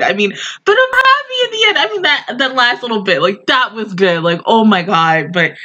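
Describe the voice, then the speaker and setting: A woman's voice: medium pitch, pushed and bright, low-quality recording. A young woman reacting to an anime episode in casual commentary, emotional and exclamatory, often swearing and laughing.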